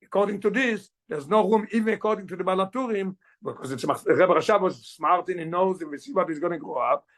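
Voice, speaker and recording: A man, a rabbi, teaching a Torah class, explaining the text quickly and switching languages mid-sentence. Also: high voice, fairly bright tone. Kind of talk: Torah class, mixing English and Yiddish.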